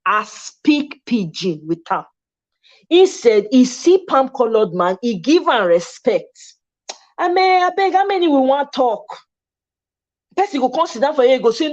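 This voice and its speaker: A woman's voice: a little high, big pitch swings, unhurried, a little mellow, highs cut off. A Nigerian woman hosting a casual livestream talk, speaking passionately and switching between English and Pidgin. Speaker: host.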